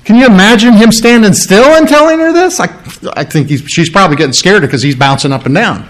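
A man preaching a sermon, explaining scripture earnestly and acting out the story with lively voices. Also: high voice, quick pace, few pauses, poor audio.

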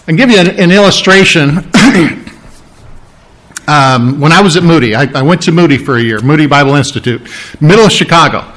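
Folksy preacher man, fairly high voice. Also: a bit bright. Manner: folksy, conversational storytelling with frequent asides. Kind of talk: sermon with personal stories.

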